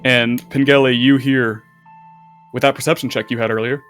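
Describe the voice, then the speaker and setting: A man runs a tabletop game as game master, describing scenes in a loose, chatty way. His pitch sits mid-range. Faint music plays underneath. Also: flat delivery, normal speed, a bit bright. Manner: chatty, loose, with restarts and laughter.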